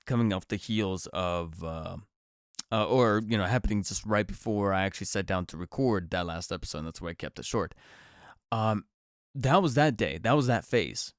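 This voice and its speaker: A man's voice: on the low side, smooth, dry recording, studio quality. A man hosting his own podcast in casual chat, a bit nasal and congested from a cold, rambling with many fillers and restarts. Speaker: podcast host. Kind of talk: casual solo podcast talk.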